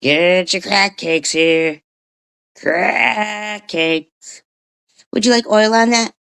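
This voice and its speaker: A brash, high-pitched food vendor voiced by a woman bellows sales calls at passers-by. The voice jumps far above her usual tone and stays loud and pushy. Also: extremely slow, creaky, clear, resonant tone, full character voice. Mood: hawking.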